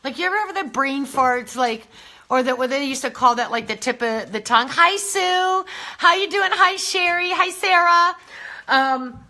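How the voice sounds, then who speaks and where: A woman's voice: high voice, animated, normal speed, sharp tone. A woman hosting a casual beauty livestream, chatting and greeting viewers by name, a little out of breath. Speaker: beauty brand host.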